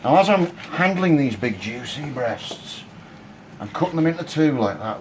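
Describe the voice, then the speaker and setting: A man's voice: a little high, very animated, normal speed, very noisy. A man giving a casual, cheeky and crude cooking demonstration in his home kitchen. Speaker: home cook.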